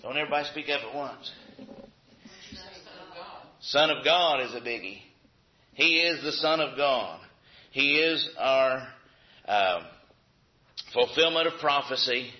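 A man's voice: medium pitch, a little slow, pauses often. A man teaching a Bible lesson to a class at a chalkboard, talking conversationally, asking the room questions and checking in with "okay?". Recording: roomy, dull lo-fi recording.

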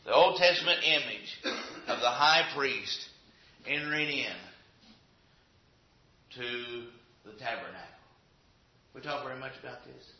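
A man's voice: mid-range voice, lively intonation, measured pace, pauses often. Man teaching a Bible class, roomy lo-fi. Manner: conversational, checks in with frequent "Okay?"; poses questions to the class. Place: classroom with a chalkboard. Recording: roomy, dull lo-fi recording.

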